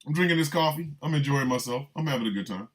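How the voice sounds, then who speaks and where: An older man hosting a radio show, riffing in an animated, rambling comic monologue full of emphatic repetition. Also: on the high side, fast talker.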